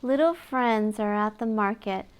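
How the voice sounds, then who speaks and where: A woman reading a picture book aloud to young children in a gentle, sing-song way, with little gasps and questions to the listener. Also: mid-range voice, a little slow, smooth.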